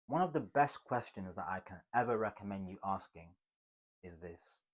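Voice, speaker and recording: A slightly low-pitched man coaching viewers on how to speak. He talks emphatically, jumping from punchy loud lines to quiet, hushed ones. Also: expressive, normal speed. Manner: emphatic, swings between loud and hushed delivery. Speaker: communication coach. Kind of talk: motivational teaching to camera.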